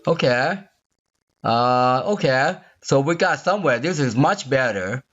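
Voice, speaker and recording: A man in an unscripted screen-recorded coding tutorial, thinking aloud as he works. He talks at a slow, unhurried pace, often repeating himself and checking whether the viewer follows. The audio is slightly dull and lo-fi, from a computer mic. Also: mid-range voice, expressive, a bit bright, soft background music. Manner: thinking aloud, repeats phrases, asks viewer "you see there?". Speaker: software tutorial instructor.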